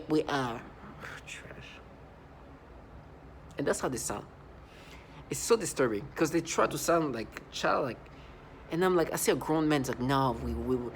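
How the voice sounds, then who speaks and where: A man in his thirties giving a personal testimonial, halting, often repeating and restarting words. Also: a little high, slight background noise. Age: 30s. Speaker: vlogger.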